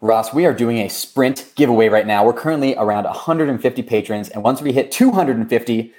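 A man hosting a laid-back podcast in a mid-range voice, joking between promos and shout-outs. His talk is loose and playful, and he keeps the segment moving with teasing asides to his co-host. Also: medium pitch, a little fast. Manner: jokey, runs through promos and shout-outs. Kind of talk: casual podcast chat. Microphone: remote recording.

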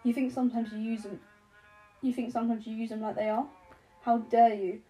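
A woman reading an audiobook, voicing a sharp-tongued middle-aged woman president who talks in clipped bursts and swears. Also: fairly high pitch, level tone, brisk, soft background music, close to an everyday voice, poor audio. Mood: furious. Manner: shouting, clipped and cursing.

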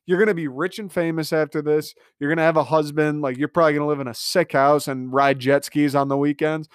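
A man's voice: fairly high pitch, steady tone, quick pace, clean tone, no echo. Ranting young man, dry recording. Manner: sarcastic, ranting, frequent swearing and filler "like". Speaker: podcast host. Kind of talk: casual solo reality TV recap.

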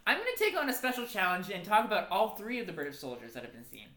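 A woman's voice: medium pitch, wildly swooping pitch, very fast, a bit bright. A young woman casually making up crude, funny ghost stories, giggling often. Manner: giggly, playful, crude joking. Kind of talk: improvised comic ghost storytelling. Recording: echoey room.

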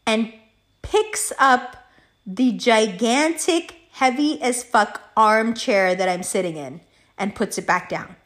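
A young woman telling a story to her viewers in a casual, profane monologue, acting out both sides of an argument. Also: fairly high pitch. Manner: profane, animated, acts out both sides of a quarrel.

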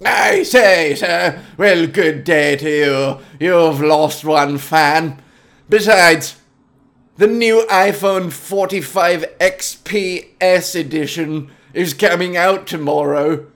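A man voicing a pompous, snobbish gentleman who is indignant about his phones and speaks with affected old-fashioned indignation. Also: a little high, slow pace, gravelly, exaggerated voice.

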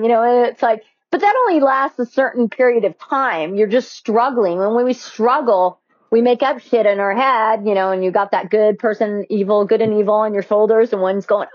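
A woman's voice: fairly high pitch, normal speed, no echo. A woman guest on a podcast, talking earnestly in a casual interview and acting out the voices in her head. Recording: dull, slightly lo-fi dry sound.

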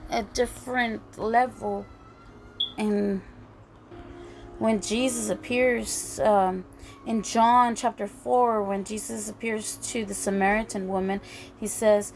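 A woman preaching a sermon in an earnest, halting way, often restarting her phrases. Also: medium pitch, a little hiss or hum. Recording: faint music behind.

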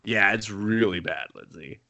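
A man's voice: on the low side, normal speed, sharp tone, muffled recording. A young man on a podcast, recapping an anime in casual, profane chat and acting out the characters' lines. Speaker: podcast co-host.

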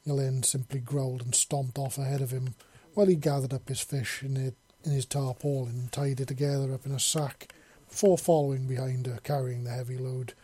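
A man reading a science-fiction story aloud as narrator, in an even, unhurried way. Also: mid-range voice, breathy edge. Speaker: audiobook narrator.

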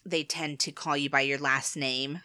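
A woman's voice: sits low, steady tone, normal speed, bright, forceful tone, clean tone. A woman co-hosting a podcast, chatting casually, laughing often and restarting her sentences. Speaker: podcast co-host. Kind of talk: casual chat.

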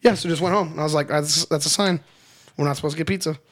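Young guy ranting through a funny story, kinda high voice, swears a lot, acts out everybody's lines. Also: quick pace. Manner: animated storyteller, swears freely, acts out dialogue. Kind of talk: casual chat.

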